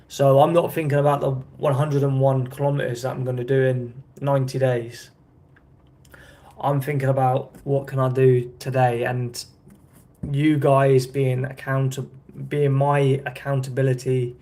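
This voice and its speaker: A man's voice: mid-range voice, a little mellow. A young man vlogging in a casual chat, rambling, correcting himself and checking in with his viewers.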